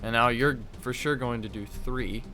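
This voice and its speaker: A man's voice: medium pitch, steady tone, moderate pace, bright, forceful tone, soft background music. A man live-streaming a card game, reading card text aloud and thinking through his moves, often stopping to correct himself. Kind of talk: live gameplay commentary.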